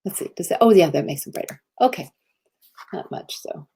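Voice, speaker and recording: A woman's voice: on the low side, animated, a little fast, vocal fry, dark tone, slightly rough. A middle-aged woman giving a casual motivational talk, earnest and meandering as she tells stories. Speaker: speaker on love and self-expression.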